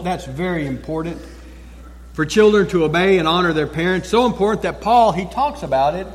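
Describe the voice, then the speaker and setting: A man preaching a sermon as a pastor. He is emphatic, repeats key phrases and pauses for effect. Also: high voice. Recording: long church reverb.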